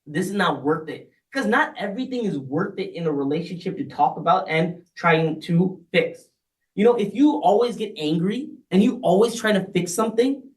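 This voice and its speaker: A man's voice: high voice, roomy sound, far from the mic, low-quality recording. A man giving a conversational community talk on marriage, often checking in with the audience by asking "right?". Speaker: speaker.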